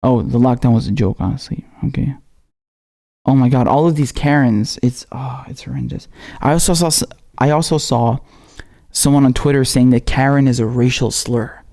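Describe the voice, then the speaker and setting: Mellow-voiced man hosting a casual livestream. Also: medium pitch, moderate pace, vocal fry. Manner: loose and chatty, with slangy asides and self-repetition. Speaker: political commentary livestream host.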